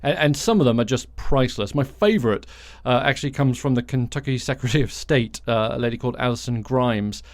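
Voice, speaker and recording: A man's voice: medium pitch, fairly quick, no echo. Sarcastic man hosting a solo podcast. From outside the United States. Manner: sarcastic, blunt, swears freely. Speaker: podcast host. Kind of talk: solo commentary monologue.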